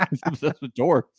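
A man's voice: fairly high pitch, a bit bright, breathy edge, no echo, clean studio sound. A man co-hosting a casual podcast, recapping a reality show with jokes and laughter. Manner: joking, often laughing, quoting people in put-on voices. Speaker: podcast co-host.

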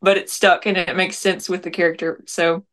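A woman's voice: fairly low pitch, flat delivery, normal speed, a bit bright. A young woman talking casually as an interview guest, rambling with lots of "like" fillers. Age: young adult. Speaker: guest, prank-call comedian.

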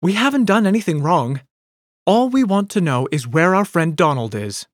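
A man's voice: high voice, sing-song, moderate pace, no echo, studio quality, pitched above the performer's own voice. A man voicing a cheeky, impulsive young woman in an audiobook, speaking with a raised, bold, pleading tone. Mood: indignant.

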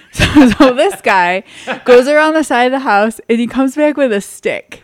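A woman hosting a casual podcast, telling stories in an animated way. Her voice jumps high when she acts out her own panic. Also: normal speed, no room sound. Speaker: podcast host. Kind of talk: casual chat.

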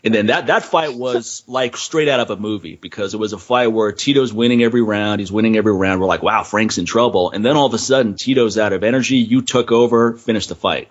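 Guy hosting a podcast, husky low voice, friendly questions, muffled audio. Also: quick pace, hardly any pauses. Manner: friendly, leading questions, recaps stories. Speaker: podcast host. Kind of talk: casual interview.

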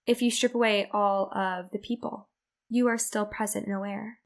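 A woman's voice: mid-range voice, steady tone, moderate pace. A woman hosting a self-development podcast, talking earnestly in a reflective monologue and acting out the worried inner voice in her examples. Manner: earnest, acts out inner-voice quotes. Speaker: podcast host.

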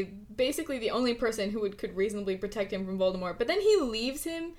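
A woman co-hosting a casual book-club podcast, animated and laughing often, full of "like" fillers. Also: on the high side, a little fast. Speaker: podcast co-host.

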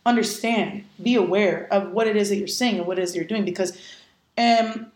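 A woman's voice: mid-range voice, normal speed, darkish tone, roomy sound. A woman talking candidly in a casual podcast conversation, speaking emphatically and swearing bluntly as she makes her points. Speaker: podcast guest.

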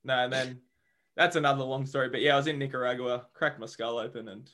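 A young man who is a guest on a podcast, telling a travel story casually, lively and swearing freely as he acts out what people said. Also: mid-range voice, fast.

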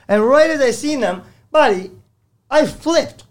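Guy with a high voice telling wild job site stories, swears a lot, gets loud and animated. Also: moderate pace. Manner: animated, profane storytelling. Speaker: construction company owner. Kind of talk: casual podcast chat.

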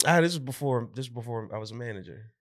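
A man co-hosting a podcast, telling stories in an animated, slangy way and acting out quotes. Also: mid-range voice, fast, no room sound, clean studio sound. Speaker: podcast co-host. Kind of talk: casual chat.

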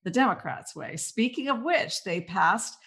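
A woman's voice: medium pitch, animated, a little slow, gravelly, a bit bright. A woman co-hosting a political talk show, speaking in a sardonic, mocking tone and ticking off examples one after another. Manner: sardonic, mocking, lists things off. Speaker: podcast co-host.

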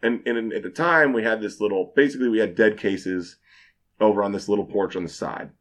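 A man's voice: lowish voice, fairly quick. A man, a bartender guest on a podcast, telling a story in casual chat, acting out quotes and swearing freely.

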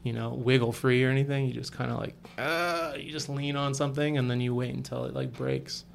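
A relaxed man with a gravelly voice talks in a flat, even tone, full of fillers and loose restarts. His casual chat is recorded with a faint noise underneath. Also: medium pitch, fast talker. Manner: laid-back, rambling, lots of fillers. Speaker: cyclist sharing stories.

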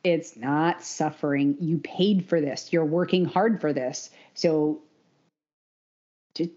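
Woman, podcast co-host, running coach, animated, opinionated, somewhat low voice, dull lo-fi sound. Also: slow pace. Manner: animated, opinionated, laughs often. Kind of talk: casual podcast chat.

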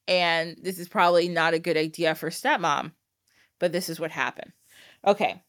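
A woman's voice: lowish voice, moderate pace, no room sound, clean studio sound. A woman hosting a podcast, casually retelling a fairytale with frequent laughs and acted-out quotes. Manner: animated, laughing, acts out quoted lines. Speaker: podcast host.

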